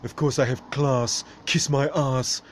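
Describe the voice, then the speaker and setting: A man voicing a rude, pompous male sidekick who is snide, boastful and quick to call people names. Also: medium pitch, fairly even intonation, slight background noise, pitched above the performer's own voice, close to an everyday voice. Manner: snide, boastful, name-calling.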